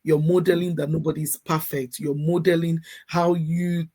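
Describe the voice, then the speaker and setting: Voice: medium pitch, little pitch movement, moderate pace, dark tone. A panel moderator affirming and summarizing what a speaker has just said. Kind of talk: panel discussion talk.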